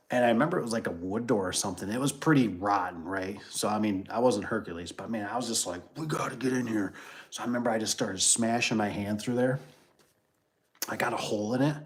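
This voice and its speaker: Low-voiced man, rambling livestream chat. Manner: rambling, loose, with many fillers and restarts; reads viewer comments aloud and riffs on them. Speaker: garage door business owner hosting a livestream. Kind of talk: casual livestream chat and storytelling.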